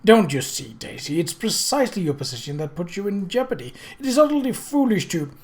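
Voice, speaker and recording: A reader voicing an agitated English gentleman who speaks with sudden urgency. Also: on the low side, big pitch swings, fairly quick, pitched above the performer's own voice. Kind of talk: audiobook character voice.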